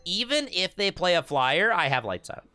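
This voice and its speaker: A man's voice: high-pitched, sing-song, normal speed, pushed and bright, clean tone, no echo, soft background music. A young man with a Michigan accent, chatting casually to his stream while playing a card game, often stammering and repeating words. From Michigan, USA. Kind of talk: casual gameplay streaming chat.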